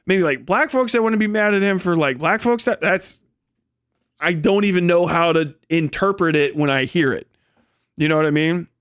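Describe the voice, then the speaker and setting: A man streaming live in a loose, rambling way, swearing freely and breaking into laughter. His voice sits a bit high for a man and sounds dry and close to the mic, with no room around it. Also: normal speed, a bit bright, clear, resonant tone, no echo. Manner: rambling, profane, laughs often. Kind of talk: casual livestream commentary.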